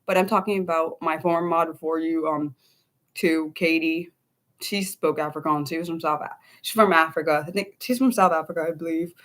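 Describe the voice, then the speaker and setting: A woman's voice: deep voice, fairly even intonation, fairly quick, a bit bright. A young woman from the United States hosting an unscripted livestream, rambling casually to her chat with many ums and restarts. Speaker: livestream host.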